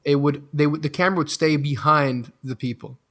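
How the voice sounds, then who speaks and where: A man, a guest on a podcast, talking casually with many halting restarts and stammers. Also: fairly high pitch, steady tone, a bit bright. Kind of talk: casual conversation.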